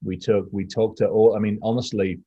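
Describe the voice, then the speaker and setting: A low-voiced man with a husky, dark tone, co-hosting a casual podcast. He rambles in a profane, animated way. The sound is dry and a bit muffled. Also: a little fast, no echo. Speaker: podcast co-host.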